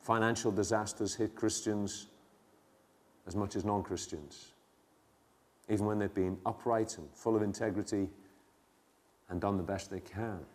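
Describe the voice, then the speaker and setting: An older man preaching a sermon, moving between quiet asides and loud, dramatic retellings. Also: lowish voice.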